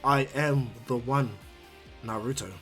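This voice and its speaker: A man voicing a calm, proud, all-powerful male overseer of the multiverse in a fan-made anime story, speaking low and gently. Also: unhurried, faint music behind, natural voice. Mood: calm, kindly.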